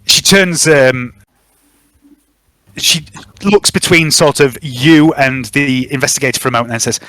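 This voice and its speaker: A man's voice: mid-range voice, a little slow, no echo. A man narrating a tabletop role-playing game as game master, in a casual, loose way. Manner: casual, relaxed narration with fillers.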